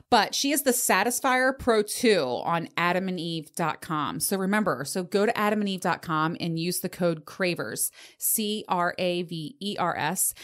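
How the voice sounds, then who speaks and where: Profane, laughing woman podcast host in her forties. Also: lowish voice. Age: 40s. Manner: profane, laughing, animated storytelling. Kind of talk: candid solo podcast monologue.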